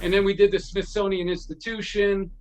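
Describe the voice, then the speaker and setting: A man's voice: high-pitched, brisk, very noisy. A man telling casual anecdotes as a guest, acting out the voices of people he quotes and often restarting his words. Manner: animated, acts out quoted dialogue. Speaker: guest storyteller.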